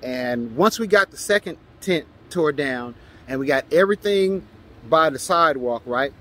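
A man recounts a tense street scene to his channel. His voice sits a little high for a man and turns lively as he acts out the shouting. The delivery is loose and conversational. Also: moderate pace. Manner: animated, acts out his own shouts and quotes. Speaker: vlogger telling a story. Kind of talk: casual storytelling monologue.

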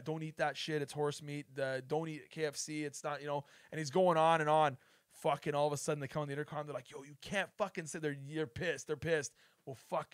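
Male streamer host, animated storyteller, lots of "dude", slightly high, dry. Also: no room sound. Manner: excitable storyteller, heavy swearing and "dude". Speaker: streamer host, former houseguest. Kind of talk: casual chat. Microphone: streaming mic.

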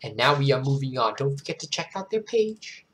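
Hoarse host giving poems a theatrical reading, with loose, chatty asides between them. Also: mid-range voice, brisk. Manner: expressive, theatrical recitation, then chatty and self-deprecating. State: hoarse, worn-out throat. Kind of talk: dramatic poetry reading with casual asides.

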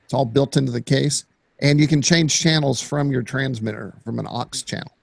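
A man's voice: medium pitch, moderate pace, vocal fry, no room sound, studio quality. A man co-hosting a casual hobby show, chatting eagerly over his video clips. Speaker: co-host. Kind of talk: casual chat.

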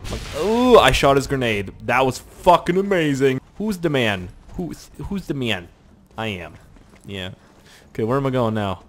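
Animated joking young man gaming. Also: medium pitch, moderate pace. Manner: rambling, joking, swears a lot. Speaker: gaming YouTuber. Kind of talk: let's play commentary.

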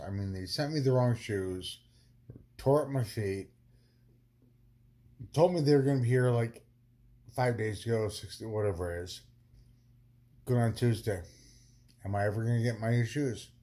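A man vlogging on a long-distance hike talks casually to the camera, ranting in a tired, annoyed way and swearing, then apologizing. His voice is lowish and warm, at a normal speed with long pauses.

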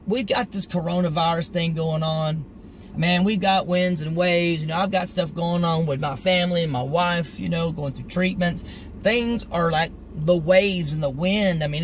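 A middle-aged man gives an informal, earnest sermon, speaking conversationally and acting out the scripture story with energy. His voice sits a little high. Faint vehicle noise hums in the background. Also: poor audio. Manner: earnest, conversational, animated when retelling the story. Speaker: street preacher.

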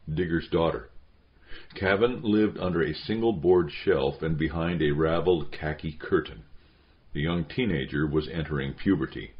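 A man with an extremely deep voice reads a dark novel aloud in a measured, deliberate way. The recording is dull and somewhat lo-fi. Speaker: audiobook narrator. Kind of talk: scripted narration.

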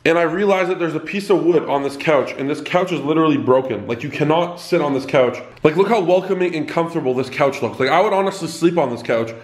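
Fast-talking excitable male vlogger. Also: a little high, a little hiss or hum. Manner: excitable, quick-talking, chatty complaining. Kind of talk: casual vlog to camera. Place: apartment indoors. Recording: echoey room.

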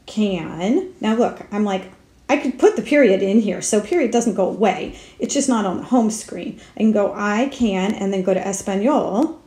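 A woman walks through an app tutorial step by step, narrating her own clicks as she goes. Her voice is mellow and soft at the edges. The sound carries the echo of a bare room. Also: mid-range voice, expressive, moderate pace. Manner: talks herself through each step, with fillers. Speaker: speech therapist. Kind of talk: screen-recorded app tutorial.

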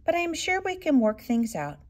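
A woman voicing a gentle, caring mother raccoon who talks in a soft, reassuring way in a storybook reading. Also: high-pitched, big pitch swings, brisk, voice pushed up.

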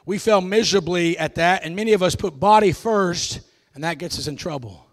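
A pastor preaching a folksy, emphatic sermon, often bursting into shouts. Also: male voice, high voice, a little fast.

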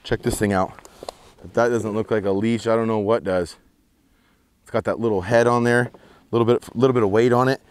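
A man hosting an outdoor fishing vlog from a boat on a lake, explaining casting tips and getting excited over his catches. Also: lowish voice, fairly quick, long pauses, a little hiss or hum. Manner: excitable, whoops and shouts when fish jump.

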